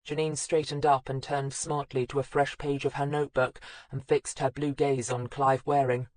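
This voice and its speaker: A woman narrating a crime audiobook in a measured, even reading. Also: very deep voice, no echo. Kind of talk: scripted narration.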